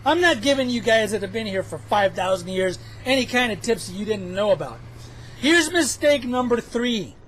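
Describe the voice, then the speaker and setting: A man's voice: high-pitched, expressive, normal speed, a bit bright, slight background noise, poor audio. A man giving chatty, self-mocking commentary over his own gameplay footage, joking as he goes. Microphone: headphones with mic.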